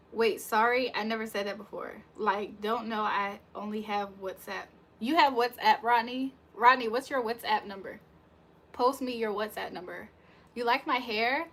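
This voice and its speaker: A woman's voice: a little high, a little slow, fairly bright tone. A young woman hosting a casual livestream, chatting loosely with her viewers, joking and laughing often. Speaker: livestream host reading chat.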